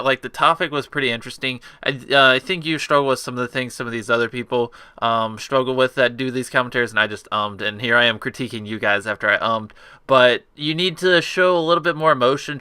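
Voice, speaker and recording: Bright, crisp young male contest judge. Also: medium pitch, no echo. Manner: rambling with frequent ums and restarts. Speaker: contest host judging entries. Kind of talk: casual unscripted judging commentary.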